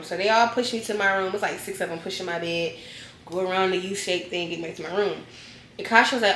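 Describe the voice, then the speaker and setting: Bright, animated woman in an echoey room. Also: on the low side, fast talker, a little hiss or hum. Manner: animated, slangy, acts out scenes with loud yells. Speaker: vlogger. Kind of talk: casual storytime chat.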